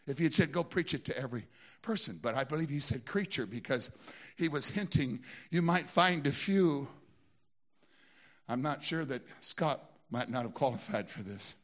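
This pastor, a man with a Southern American accent, preaches a church sermon at a moderate pace with medium pitch and lively intonation. He moves between hushed storytelling and shouted exhortation.

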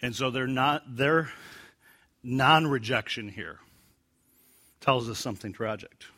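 A man's voice: medium pitch, takes it slowly. A man teaching a Bible passage verse by verse, joking about his own gags and acting out the quotes he reads. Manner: acts out quotes in lively put-on voices.

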